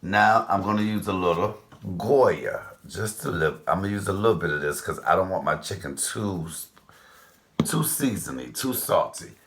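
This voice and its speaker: Man, 50s, deep voice; chatty home-cook host, loose and rambling. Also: normal speed, hardly any pauses, fairly bright tone, slight background noise. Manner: chatty, rambling asides, addresses viewers directly. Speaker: cooking channel host. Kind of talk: casual cooking vlog chat.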